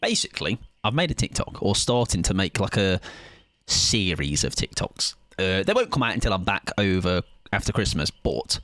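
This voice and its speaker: Young male streamer, loud and high-energy, slightly low voice, dry close sound, chatty. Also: big pitch swings, normal speed, dry recording. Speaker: livestreamer. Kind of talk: casual gaming livestream chat.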